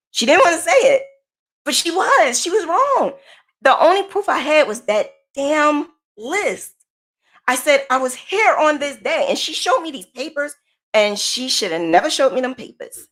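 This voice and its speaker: A woman's voice: sits high, sing-song, moderate pace, a bit bright. A woman podcast host from the United States, telling a personal story in a casual, emphatic way and repeating her points.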